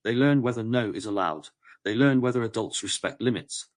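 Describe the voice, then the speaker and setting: A man narrating a nonfiction audiobook in a calm, measured, even voice. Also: medium pitch, no room sound.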